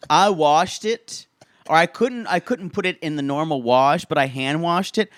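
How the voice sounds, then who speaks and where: A man co-hosting a podcast, telling show moments in an animated, raunchy way and laughing often. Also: a little high, moderate pace, clear, resonant tone, dry recording, clean studio sound. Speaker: podcast co-host. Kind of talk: casual comedic recap chat.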